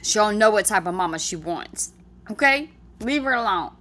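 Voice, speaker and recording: A woman's voice: medium pitch, lively intonation, moderate pace, fairly bright tone. A woman giving casual reaction commentary on a clip, blunt and heated, swearing freely.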